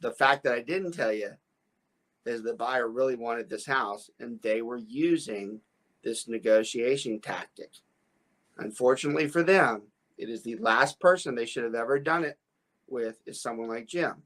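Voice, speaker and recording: A man's voice: mid-range voice, normal speed, a bit bright. A man, a real estate broker, hosting a podcast and telling a story in a rambling, stammering way with frequent laughs. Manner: rambling, with many restarts and stammered repeats; laughs often while telling stories.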